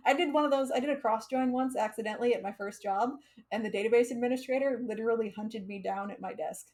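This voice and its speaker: A woman's voice: a little high, fast, a little mellow. An American woman teaching coding on a live stream, chatty and laughing often, with frequent fillers. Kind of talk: casual live coding lesson.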